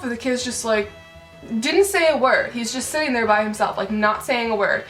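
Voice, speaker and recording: A woman's voice: fairly high pitch, lively intonation, moderate pace, fairly bright tone. A woman vlogger telling an angry storytime rant, full of fillers and swearing. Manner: indignant, filler-heavy, swearing. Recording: roomy echo with faint music.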